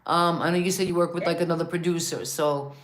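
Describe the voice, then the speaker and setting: A woman's voice: lowish voice, steady tone. A woman hosts a casual interview in an eager tone. She keeps agreeing with her guest and asks loose, chatty questions. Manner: eager, affirming, quick to agree. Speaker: host.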